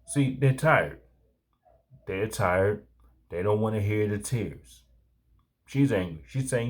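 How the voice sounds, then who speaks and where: Low-voiced man urging action. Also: expressive, takes it slowly, long pauses. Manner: earnest, urging, repeats calls to action. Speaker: commentary show host. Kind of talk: reaction commentary.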